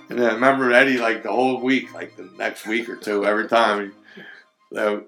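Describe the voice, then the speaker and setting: A man's voice: medium pitch, brisk, sharp tone, soft background music. A man casually recounting his days digging clams, rambling with fillers and laughing through his stories. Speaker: former clammer recalling old times. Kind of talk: casual storytelling chat.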